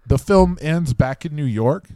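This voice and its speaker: A man's voice: a little high, lively intonation, measured pace, mellow, no room sound. A man co-hosting a comedy podcast who spins playful, absurd stories. His voice rises and falls freely as he riffs. It is recorded close and dry. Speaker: podcast co-host. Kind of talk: improvised comedy chat.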